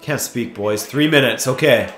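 A man commentating his own football video game, muttering then yelling with excitement, his voice going hoarse. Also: medium pitch, moderate pace, reverberant, soft background music. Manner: excitable, swings from mutters to shouts. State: losing his voice. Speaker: gaming YouTuber.

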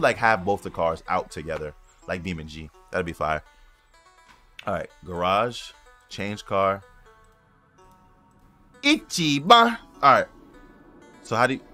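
Excitable, cursing male gaming streamer. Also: mid-range voice. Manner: excitable, slangy and profane, talks to viewers. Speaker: gaming YouTuber. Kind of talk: casual racing-game commentary.

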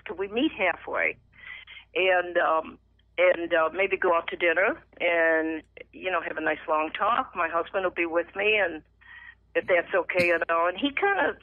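A middle-aged woman telling her personal faith testimony as a radio guest, emotional and animated, acting out the voices in her story. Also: on the low side, no echo. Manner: emotional, animated retelling with lively acted quotes. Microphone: phone. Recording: tinny dry phone line.

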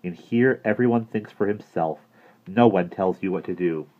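A man voicing a young female school counselor who talks gently and patiently, in a muffled lo-fi recording. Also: sits low, moderate pace.

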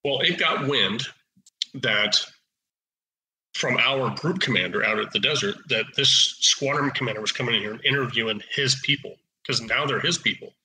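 Bright-voiced man telling war stories. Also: mid-range voice, moderate pace, reverberant, low-quality recording. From Oregon, USA. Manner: lively anecdotes with blunt, salty language. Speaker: podcast guest, retired military officer. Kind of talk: casual storytelling.

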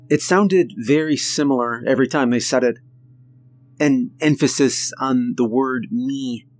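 A man narrating a scripted horror story in the first person, with measured, suspenseful delivery and dramatic pauses. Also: medium pitch.

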